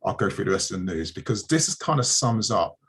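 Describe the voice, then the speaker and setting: A man's voice: lowish voice, lively intonation, fast, a bit bright. A man hosting a community news livestream, chatting casually and telling stories with plenty of fillers and restarts. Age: adult, married.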